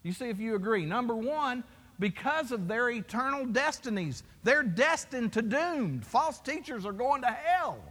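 Pastor guy preaching, super high voice for a man, big long echo like a church hall. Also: very animated, moderate pace, a bit bright. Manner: emphatic, rhetorical questions to the congregation. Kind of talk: sermon.

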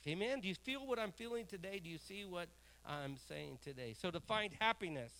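Middle-aged guy preaching a sermon, high bright voice, asks the church stuff and gets loud and slow on the big lines. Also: animated, a little hiss or hum. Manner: preaching with swells of loud emphasis and drawn-out words; asks the congregation questions and calls for responses. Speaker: pastor.

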